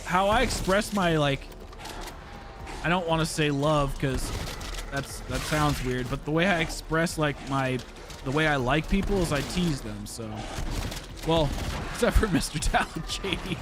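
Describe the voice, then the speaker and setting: A young American man from the United States streams a game podcast-style, chatting casually and rambling with lots of profanity as he plays. His voice is a little high and unhurried, with background noise and game music.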